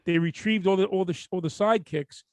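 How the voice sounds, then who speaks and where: A man's voice: high voice, fast talker, no room sound. A man, co-hosting a podcast and telling stories full of swearing, acting out both sides of each exchange. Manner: profane, animated storyteller acting out dialogue. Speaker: podcast co-host. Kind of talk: casual chat, storytelling.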